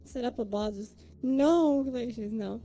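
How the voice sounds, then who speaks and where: A high-pitched woman streamer talking unhurriedly to her chat, excitable and emotional, thanking viewers one by one. She goes from giggling to choking up and back. Faint music plays behind her. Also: unhurried. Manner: excitable, thanks viewers by name, swings between giggles and near tears. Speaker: live streamer.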